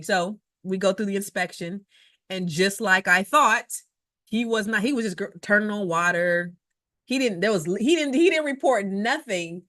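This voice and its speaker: A woman real estate investor giving advice in an emphatic, conversational way, telling personal stories and often repeating herself with quick asides. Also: medium pitch, a bit bright, no echo, clean studio sound. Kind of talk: advice talk with personal anecdotes.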